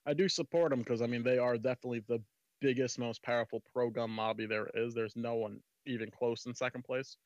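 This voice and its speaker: A man talks fast and at length, piling up points with emphatic, rambling energy. His mic sounds dry and dull, with little room around it. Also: mid-range voice, a little mellow, dry recording. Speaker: panel guest. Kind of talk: casual debate chat.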